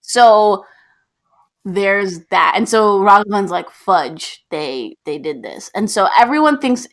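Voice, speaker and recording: A young woman co-hosts a podcast, walking through a film's plot in a casual, chatty way. She talks in a lively voice and acts out what each character says, slipping into their lines as she tells it. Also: mid-range voice, measured pace. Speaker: podcast co-host. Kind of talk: casual movie recap chat.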